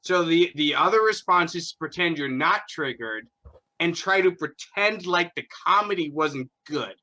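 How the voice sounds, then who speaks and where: A podcast host with a bright, forceful, somewhat high voice talks in a heated, profane way. He presses his points hard and sounds loose and off the cuff. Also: animated, normal speed. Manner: emphatic, profane ranting. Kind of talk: casual opinion chat.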